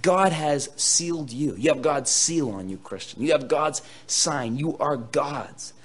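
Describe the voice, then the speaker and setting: A man preaching a sermon, reading scripture dramatically and swinging between loud bursts and quieter asides to his listeners. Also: on the high side, expressive, a little slow, slightly rough. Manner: playful asides to the audience. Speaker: pastor.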